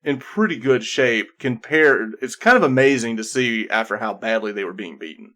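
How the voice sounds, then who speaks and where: A man's voice: mid-range voice, expressive, normal speed, sharp tone. A man narrating a tabletop game as game master, rambling with many restarts.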